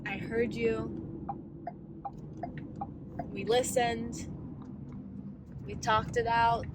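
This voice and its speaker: A woman's voice: on the high side, little pitch movement, drawn-out words, noisy background. A woman in her thirties in a casual, candid vlog rant, rambling as she coaches herself through her thoughts. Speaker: vlogger.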